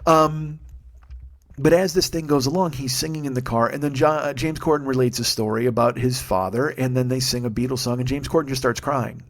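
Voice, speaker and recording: Profane man riffing solo. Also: medium pitch. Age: 40s. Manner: animated, profane, quick asides, acts out quotes. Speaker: podcast host, comedian. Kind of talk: solo comedic monologue.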